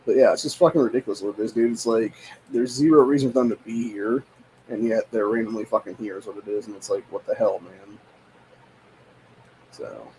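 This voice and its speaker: A man's voice: lowish voice, fairly quick, darkish tone, a little hiss or hum. A young man at home, ranting in a casual, profane, exasperated way with lots of repetition. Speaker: podcast host. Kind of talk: casual rant.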